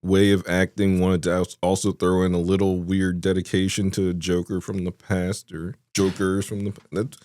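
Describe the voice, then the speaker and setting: A man's voice: sits low, level tone, moderate pace, few pauses, darkish tone, no room sound, studio quality. A man co-hosting a podcast, rambling through a movie review with tangents and frequent laughter. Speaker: podcast co-host. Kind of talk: casual chat, movie review.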